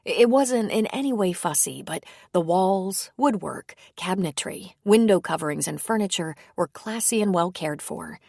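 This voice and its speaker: A woman narrating a romance audiobook in a measured storytelling manner. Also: lowish voice, lively intonation, gravelly, darkish tone, no room sound, clean studio sound. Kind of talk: scripted narration.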